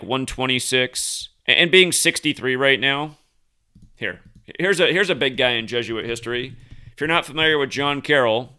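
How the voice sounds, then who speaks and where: A man's voice: mid-range voice, bright, forceful tone, clean tone. A man hosting a commentary monologue, talking heatedly with profanity and frequent restarts. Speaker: host.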